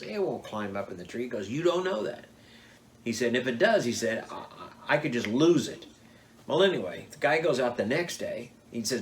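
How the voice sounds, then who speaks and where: Older man, mid-pitched voice, telling hunting yarns with animated quoted voices, faint noise behind. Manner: animated, acts out quotes with big pitch jumps. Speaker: storyteller.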